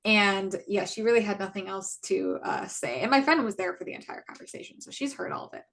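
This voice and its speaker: A woman's voice: mid-range voice, brisk, vocal fry, fairly bright tone. A woman in her twenties, a podcast co-host, casually recounting a personal story and acting out what people said to her. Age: 20s. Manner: retells events by acting out quoted exchanges; chatty, many likes and restarts.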